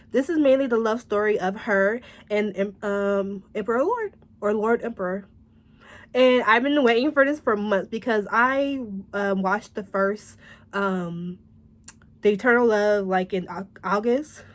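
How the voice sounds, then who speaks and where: In a casual, rambling review of a drama, a woman with a medium-pitched voice chats animatedly, laughing and swearing frequently.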